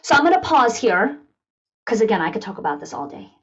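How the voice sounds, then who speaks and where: Energetic woman coaching school leaders. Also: a little high, a little fast, breathy edge, muffled recording. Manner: energetic, coaching, acts out quoted voices. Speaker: guest speaker leading a school leadership town hall. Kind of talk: online town hall talk.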